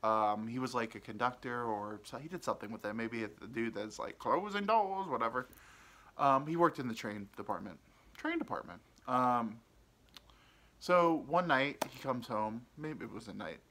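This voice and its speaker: A man's voice: medium pitch, animated, moderate pace, fairly bright tone. A man hosting a podcast, telling a rambling personal story, hesitant, with many ums and restarts. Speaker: podcast host.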